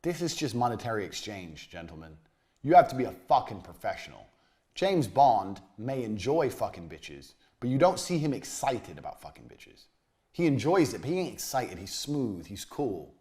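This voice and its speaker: A man giving a blunt, profane motivational business lecture, swinging between loud jabs and low muttered asides. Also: big pitch swings, moderate pace. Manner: blunt, aggressive, swears constantly. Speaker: business coach.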